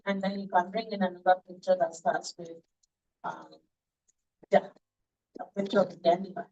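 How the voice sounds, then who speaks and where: Woman instructor, mid pitch, patient classroom lecture with playful questions to students. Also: poor audio. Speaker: early childhood education instructor.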